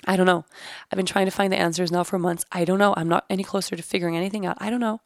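A woman's voice: on the low side, fairly even intonation, very fast, gravelly, dry recording, clean studio sound. A woman in her thirties, hosting a podcast, candidly and searchingly recounting a personal experience and swearing casually. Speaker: podcast host. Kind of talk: reflective personal storytelling.

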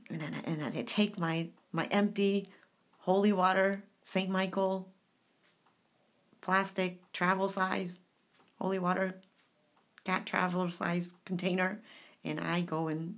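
A woman's voice: on the low side, fairly even intonation, measured pace, long pauses, a bit bright. A woman hosting a devotional channel, reading aloud from a saint's diary and breaking off into chatty, emotional asides, with sudden whispers and sing-song bits.

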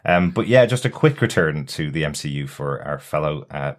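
A man's voice: a bass voice, expressive, normal speed. A man hosting a TV podcast, chatting casually and laughing often. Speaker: podcast host.

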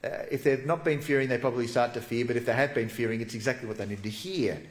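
A man preaching a sermon as a pastor, telling the story vividly and dropping to soft, hushed tones. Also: medium pitch, fast, reverberant.

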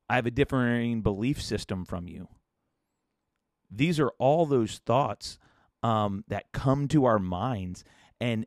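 A man with a fairly low voice talks through a solo podcast episode. He is earnest and reflective and often stops to restart a sentence. The sound is dry and close, with little room around it. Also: a little mellow, dry recording. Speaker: podcast host.

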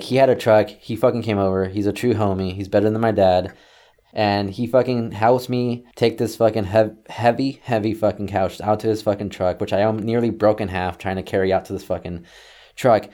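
Profane, animated young man telling a story. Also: on the low side, normal speed. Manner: profane, animated, acts out yelling quotes. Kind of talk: casual storytelling.

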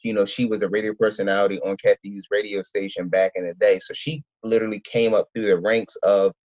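A man from Philadelphia, an event organizer, telling his story in a casual interview, rambling and excitable with many restarts. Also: on the low side, fast talker, no echo, lo-fi sound.

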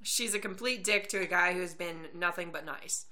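Woman podcast co-host, chatty and crisp-toned, casual swearer. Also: on the low side, normal speed, bright, forceful tone. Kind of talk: casual chat.

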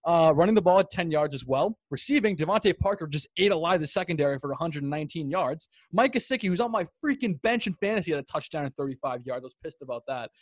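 A young man with a high voice runs a casual sports chat, getting worked up and cursing freely as he tells his stories. The recording is close and dry, with no room sound. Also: quick pace, few pauses, no room sound. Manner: excitable, swearing, animated storyteller. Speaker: podcast co-host.

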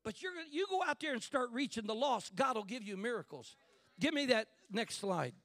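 A man preaching a fervent sermon in church, building to shouts and calling out to the congregation. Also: very high voice, sing-song, fairly quick, no echo.

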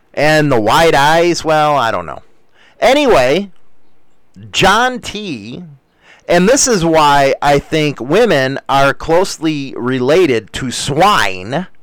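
A man's voice: on the high side, a bit bright, no room sound. A man hosting a casual livestream, rambling through crude, profane jokes while reading from the chat.

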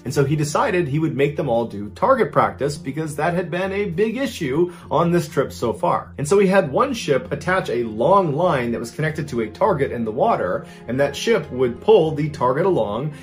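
Chatty man telling a history story. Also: fairly high pitch. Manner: brisk, chatty storyteller stringing events with "and so". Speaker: host.

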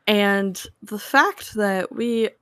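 A woman speaks in a thoughtful, measured way over a video call. She weighs her opinions and comes across as mildly critical. Her voice is mid-pitched and sounds dry and close. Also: fairly bright tone, clear, resonant tone, no room sound. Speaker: podcast panelist. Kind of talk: casual chat.

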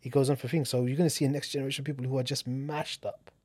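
Earnest guy pleading with parents, mid-pitched, dry mic. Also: little pitch movement, racing, a little mellow, slightly rough, no echo. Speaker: podcast guest who works with families. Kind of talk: earnest podcast talk.

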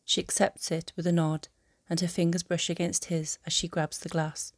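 A woman narrating a fan audiobook in a calm, even storytelling manner. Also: on the low side, normal speed, no echo, clean studio sound.

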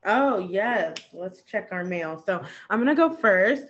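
A woman's voice: medium pitch, animated, unhurried, a bit bright, dull audio. A young woman co-hosting a podcast, chatting casually, laughing often and swearing freely. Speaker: podcast co-host. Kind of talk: casual chat.

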